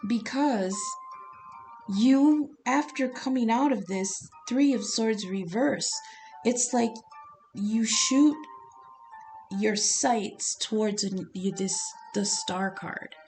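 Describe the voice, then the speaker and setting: Woman tarot reader, chatty and loose, drops the odd swear word, soft music playing faintly underneath. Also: fairly high pitch, slow, low-quality recording. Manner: rambling, conversational, swears casually. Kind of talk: casual tarot reading vlog.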